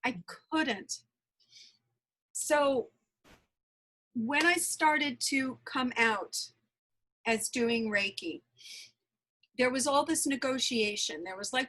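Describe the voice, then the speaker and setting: Woman, high pitch, unhurried delivery, earnest, repeats herself for emphasis. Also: a bit bright, poor audio. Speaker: interview guest, energy healer. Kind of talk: emotional personal storytelling.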